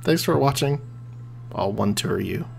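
A man giving casual commentary on his gameplay, excitable and laughing often as he cheers his machine on. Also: on the low side, measured pace, creaky, slight background noise. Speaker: gamer. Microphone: desk USB microphone.

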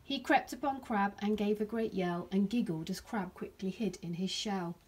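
A woman, a primary school teacher, reading a rhyming picture book aloud to her class in a gentle storytelling manner. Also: medium pitch, moderate pace, slightly rough.

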